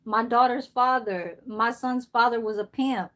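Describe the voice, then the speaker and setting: A woman's voice: fairly high pitch, unhurried, fairly bright tone. Woman ranting casually on a live stream. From San Francisco, USA. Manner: swears freely, rambling storytelling. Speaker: livestream host. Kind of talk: casual livestream chat.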